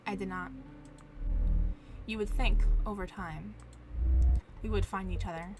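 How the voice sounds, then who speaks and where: A woman's voice: medium pitch, fairly even intonation, background noise, natural voice. Woman voicing a stately vampire ghost lady. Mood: solemn. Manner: stately, measured, old-fashioned phrasing.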